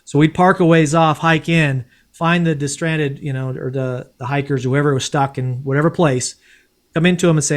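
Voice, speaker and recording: Man, casual podcast guest, blunt and salty, lively storytelling, a bit high-pitched. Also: normal speed. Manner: blunt, profane, animated. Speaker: podcast guest, former Green Beret.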